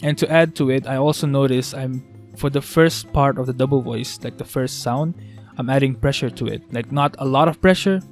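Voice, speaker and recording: A man teaching a beatbox vocal technique in a casual tutorial, talking haltingly with restarts as he works out how to explain it. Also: mid-range voice, faint music behind. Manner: halting, restarts, thinks aloud.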